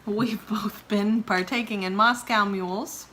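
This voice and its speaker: A woman's voice: medium pitch, unhurried, a little hiss or hum. A woman hosting a vlog, chatting casually and teasing her husband, laughing often. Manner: giggly, teasing, animated. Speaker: vlog host, wife. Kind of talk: casual chat.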